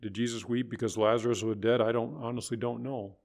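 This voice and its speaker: A man preaching a sermon, quoting scripture, rising higher and louder when voicing others and dropping soft for gentle words. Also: level tone, fairly quick, creaky. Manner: rises in pitch and volume for quoted voices, drops soft for tender words; preaching with biblical quotations.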